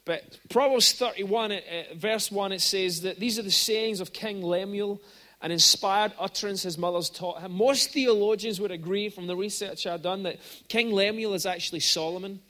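A man preaching a sermon in a church, conversational with frequent restarts and animated storytelling. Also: high voice, normal speed. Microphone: microphone at pulpit.

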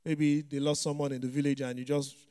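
Higher-voiced male pastor preaching casually. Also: flat delivery, fairly quick, mellow, clean tone. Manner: chatty, many "you know" fillers, chuckles often. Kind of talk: conversational sermon.

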